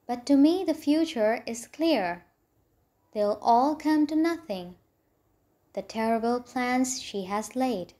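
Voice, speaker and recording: A woman's voice: on the high side, animated, takes it slowly, warm tone. A woman voicing a loyal magical talking horse, speaking a solemn rhymed warning in a storybook reading.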